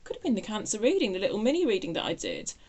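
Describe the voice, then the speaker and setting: A woman's voice: medium pitch, huge pitch swings, rapid-fire, darkish tone. A woman giving a casual tarot reading, chatty and self-interrupting, laughing at her own remarks. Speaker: tarot reader.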